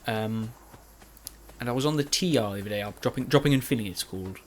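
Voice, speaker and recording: A man's voice: on the low side, fast, a little hiss or hum. Rambling man commenting on a game. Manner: chatty, rambling, self-mocking. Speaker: Let's Play commentator.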